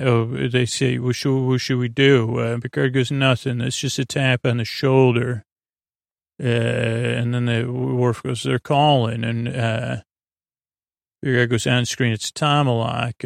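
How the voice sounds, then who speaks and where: A man with a gravelly, creaky voice loosely recaps a story in casual chat, stumbling and filling pauses as he goes. His delivery stays flat and even, recorded close on a dry mic. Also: mid-range voice, no echo. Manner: loose, halting, many fillers, quotes characters in plain voice. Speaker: podcast host recapping an episode.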